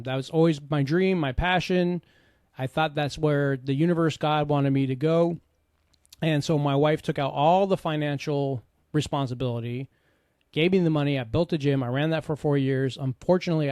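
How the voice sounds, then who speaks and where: A middle-aged man with a fairly high voice shares his life story in an earnest, conversational way, dropping in frequent asides. He speaks as a podcast host and coach. The sound is dry and close, with no room around it. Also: a little mellow, no room sound. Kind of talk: candid personal storytelling.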